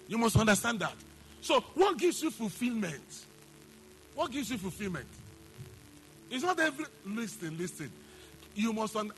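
A man's voice: sits high, fairly bright tone. A man preaching a sermon, emphatic, repeating phrases and asking the congregation questions. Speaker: pastor.

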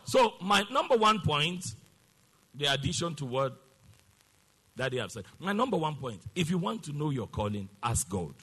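A man's voice: on the high side, big pitch swings, moderate pace, a bit bright, slightly rough, long reverb tail. A man preaching a sermon, emphatic and call-and-response, sometimes half-singing his exclamations.

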